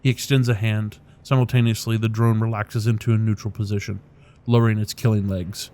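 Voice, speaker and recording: A man's voice: on the low side, level tone, fairly quick, dark tone. A man narrating a video game, reading its text aloud with casual remarks and tripping over unfamiliar names. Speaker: let's play commentator.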